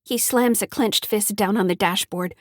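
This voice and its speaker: A woman's voice: mid-range voice, moderate pace, dry recording, lightly acted. A woman narrating an audiobook as a frightened teenage granddaughter, shaky and pleading, in a dry close recording. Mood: tense.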